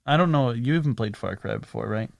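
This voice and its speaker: A man's voice: mid-range voice, fast, vocal fry, no room sound. A man co-hosting a podcast in casual chat, hesitantly thinking aloud with lots of fillers. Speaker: podcast co-host.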